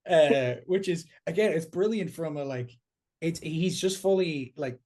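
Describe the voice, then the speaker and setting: A fairly high-voiced Irish man chatting on a podcast. He rants with a lot of energy and plenty of swearing, and his voice swings up and down constantly as he riffs, often breaking into laughter. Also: measured pace, warm tone. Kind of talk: casual chat.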